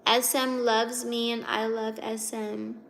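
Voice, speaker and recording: A woman's voice: on the high side, level tone, slow pace, gravelly, fairly bright tone, a little hiss or hum. A young woman from Virginia hosting a casual livestream, chatty and giggly as she reads out and answers comments. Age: 20s. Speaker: livestream host reading chat.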